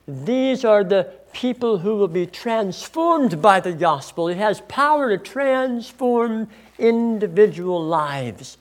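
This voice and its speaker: A middle-aged man preaching a teaching sermon, deliberate and stretching key words for emphasis. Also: sits high. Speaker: pastor.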